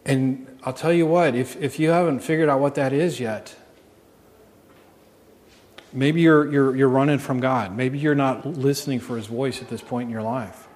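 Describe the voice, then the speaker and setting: A man's voice: mid-range voice, normal speed, darkish tone. Male pastor preaching earnestly; mid-range voice, lingering hall echo. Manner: earnest preaching, asks the congregation questions. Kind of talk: sermon. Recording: long reverb.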